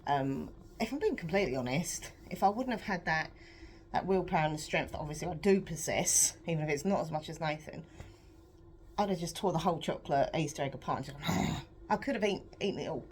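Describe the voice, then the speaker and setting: A young adult British woman chatting in a rambling, self-deprecating way on a home vlog, her voice a bit croaky, laughing often. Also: low voice, lively intonation, fairly quick, a little mellow, a little hiss or hum. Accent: British English. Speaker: vlogger. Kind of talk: casual confessional vlog chat.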